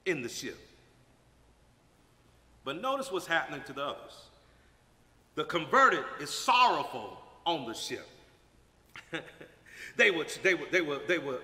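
Male preacher with a bright, lively voice. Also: high voice, normal speed, pauses often. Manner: dramatic swings from quiet to shouted emphasis. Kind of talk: sermon. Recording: echoey hall with long reverb.

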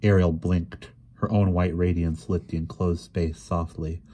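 A man reading a fantasy novel aloud in a quiet, even storytelling manner. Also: sits low, measured pace, a little hiss or hum. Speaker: reader. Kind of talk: audiobook reading.

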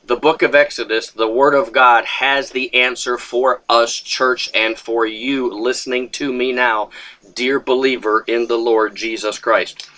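A man delivers a short video sermon as a pastor, fervent and insistent. His voice is bright and forward, pitched in an ordinary male middle range. He keeps breaking in with hallelujah and praise God, and now and then he voices a pleading churchgoer. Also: fairly even intonation, unhurried, low-quality recording. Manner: acts out a pleading believer's voice.

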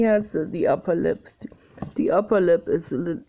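A woman's voice: on the low side, normal speed, creaky. A woman chatting casually in a home video, meandering and thinking aloud as she shows her art. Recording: slightly muffled, faint hiss.

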